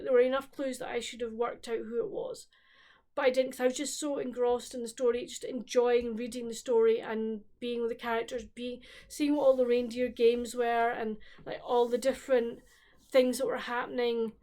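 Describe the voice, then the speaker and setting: A woman's voice: a little high, darkish tone. A woman chatting casually about books she has read, rambling with frequent restarts. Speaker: book vlogger. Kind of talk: casual book chat.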